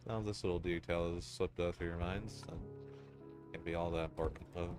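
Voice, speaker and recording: A man narrating a dark second-person story in a solemn, ominous and deliberate way. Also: deep voice, fairly even intonation. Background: music.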